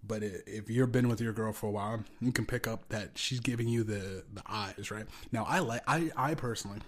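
A man's voice: fairly low pitch, a little fast. A man hosting a podcast, riffing in casual, rambling comedic commentary with lots of swearing. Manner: rambling, profane, acts out quoted voices. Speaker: podcast host.

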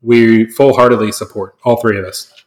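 A man opening a podcast episode in an earnest, halting way, full of fillers. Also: lowish voice, fairly even intonation. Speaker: podcast co-host. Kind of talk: casual podcast chat.

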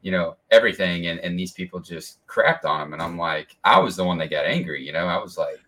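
Deep-voiced blunt man, forceful tone. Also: brisk. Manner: blunt, heated. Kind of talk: casual chat.

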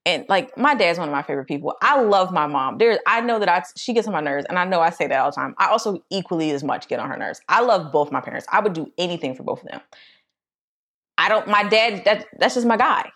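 Female co-host, young adult, lower pitch, chatty storyteller who acts out dialogue. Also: fast. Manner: animated, acts out quotes in a high voice. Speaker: podcast co-host. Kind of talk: casual storytelling chat.

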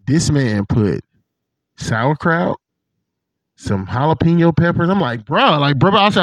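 A man hosting a casual chat, telling profane, animated stories and acting out what people said. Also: on the high side, measured pace, dry recording. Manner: animated, profane storytelling with put-on quotes. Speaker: podcast host.

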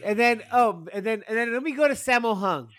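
A man co-hosting a podcast in casual chat, excitable and rambling, swearing often. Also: extremely high pitch, fairly quick, no echo. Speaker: podcast co-host.

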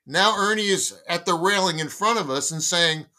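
A man's voice: sits high, moderate pace. A man in his sixties, a guest on a talk show, telling a long anecdote and acting out the dialogue of the people in it. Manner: lively storyteller acting out dialogue. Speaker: guest, baseball magazine editor. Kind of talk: storytelling anecdote in conversation.

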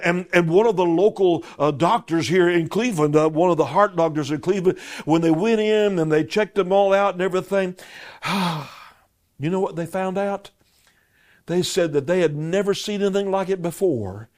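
A middle-aged man preaching a sermon as a pastor, swinging from loud cries to hushed whispers and often repeating words as he starts a sentence. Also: a little high.

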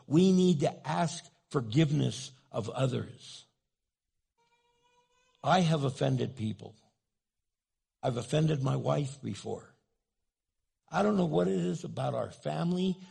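A man preaching a sermon with a heavily gravelly, raspy voice. He tells stories on himself with a self-mocking tone and acts out short exchanges as he goes. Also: a little high, a little mellow. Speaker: pastor.

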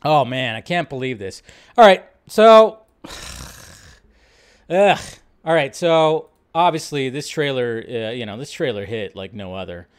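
A man's voice: medium pitch, expressive, takes it slowly, clear, resonant tone. A man hosting a live stream, chatting casually and rambling as he reacts to tweets and trailers. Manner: rambling, restarts sentences, reacts aloud. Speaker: host.

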